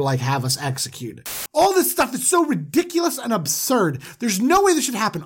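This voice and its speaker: A woman voicing a group of panicky grown brothers who plead in a rushed, frantic way. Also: a little high, close to an everyday voice.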